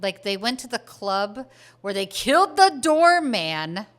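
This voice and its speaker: A woman's voice: medium pitch, big pitch swings, unhurried, a bit bright. A woman co-hosting a podcast, chatting casually about a movie in an easygoing way, with many fillers and agreeing murmurs. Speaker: podcast co-host.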